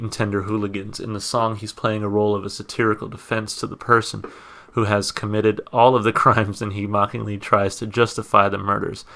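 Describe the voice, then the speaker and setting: A low-pitched American man with a gravelly edge and a bright, forward tone, talking through a song in a relaxed reaction video. He thinks aloud, reads out lyrics and notes, and leans on fillers as he works out his views. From United States. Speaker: music reaction channel host. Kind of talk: casual music reaction commentary.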